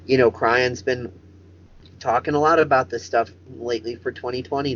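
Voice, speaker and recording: A man's voice: mid-range voice, lo-fi sound, a little hiss or hum. A man hosting a comedic chat show over a video call, rambling and swearing for emphasis. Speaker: host.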